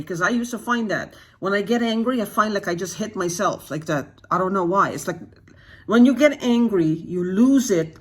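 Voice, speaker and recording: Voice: mid-range voice, fairly bright tone, slightly rough. A vlogger talking straight to the camera in an unscripted monologue, agitated, asking one rhetorical question after another, restarting sentences and repeating phrases for emphasis. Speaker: YouTube channel host.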